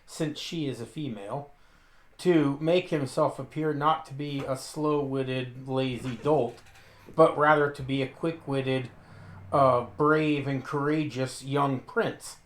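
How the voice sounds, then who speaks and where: A man's voice: medium pitch, fairly even intonation, takes it slowly. A man describing his character in a tabletop game, thinking aloud as he goes. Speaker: player. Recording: roomy echo.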